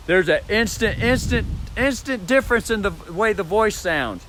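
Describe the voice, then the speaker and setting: Recording a vlog at home on his phone or camera mic, a man rambles repetitively about using the voice, swearing freely and demonstrating vocal sounds. His voice is high and a bit bright, with lively intonation, a moderate pace, and hardly any pauses.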